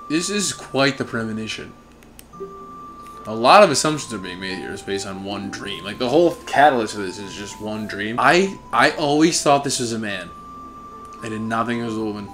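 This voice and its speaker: Lively, sarcastic young man playing games. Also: mid-range voice. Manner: sarcastic, exasperated running commentary. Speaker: let's play host. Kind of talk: gameplay commentary.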